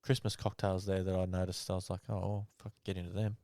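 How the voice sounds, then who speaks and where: Fast-talking Australian bloke, low voice. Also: male voice, level tone, warm tone, no room sound, studio quality. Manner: swears freely, laid-back storytelling. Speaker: podcast co-host. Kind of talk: casual storytelling chat.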